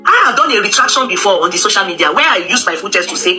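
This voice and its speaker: Bright-voiced Nigerian woman giving opinions. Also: mid-range voice, sing-song, racing, hardly any pauses, soft background music. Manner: emphatic, repetitive, with Pidgin asides and frequent hesitations. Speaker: commentator. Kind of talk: casual opinion talk.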